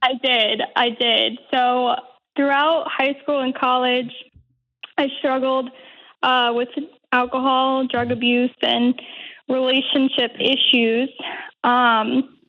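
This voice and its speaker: A woman's voice: sits high, little pitch movement, slow pace, lo-fi sound. A young woman in her twenties calling into a show, speaking hesitantly with many fillers. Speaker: caller. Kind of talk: phone-in call.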